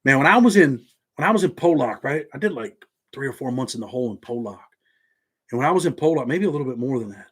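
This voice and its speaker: A man's voice: medium pitch, expressive, fast, fairly bright tone, husky. A man with a Southern accent hosting a live stream from his home office, talking in laid-back street slang. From Indiana. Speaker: channel host.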